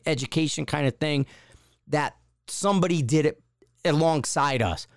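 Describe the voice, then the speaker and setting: A man's voice: fairly high pitch, no echo, studio quality. A man hosting a podcast in casual solo chat. He rambles, with many fillers and restarts. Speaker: podcast host.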